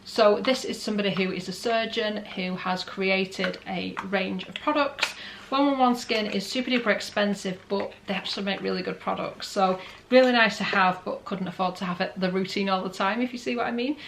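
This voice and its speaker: A woman's voice: mid-range voice, a little fast, creaky, a bit bright, slight background noise. A woman, chatting candidly as she unboxes and reviews beauty products for her vlog. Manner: chatty, candid, rambling asides. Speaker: beauty vlogger.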